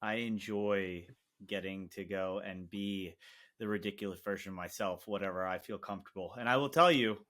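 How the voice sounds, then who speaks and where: A man speaking as a podcast co-host in relaxed, reflective casual chat. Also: low-pitched, normal speed.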